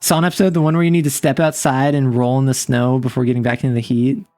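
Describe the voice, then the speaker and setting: A woman's voice: a bass voice, level tone, fast, dark tone, faint music behind. A woman streamer chatting casually and playfully with her chat, laughing often. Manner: playful, giggly, teasing.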